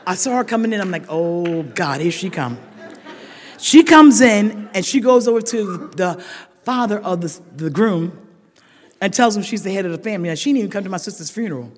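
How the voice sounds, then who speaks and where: A middle-aged woman telling a dramatic story at a recovery meeting, talking straight to the crowd and swinging between loud outbursts and hushed asides. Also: mid-range voice, a little fast. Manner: chatty, addresses listeners directly. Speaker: speaker sharing at a recovery meeting. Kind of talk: storytelling share to a live audience. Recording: long reverb of a large hall.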